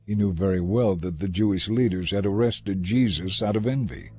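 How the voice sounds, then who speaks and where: A man narrating scripture in a measured, dramatic reading. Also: low-pitched, warm tone, soft background music.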